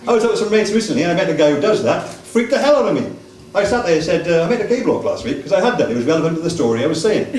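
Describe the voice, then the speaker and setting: A man comedian with a high, lively voice spins an ironic pub story. His punchlines land with mock innocence. The room has a clear echo. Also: very fast. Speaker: stand-up comedian. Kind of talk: stand-up set. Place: comedy club stage. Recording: echoey club room.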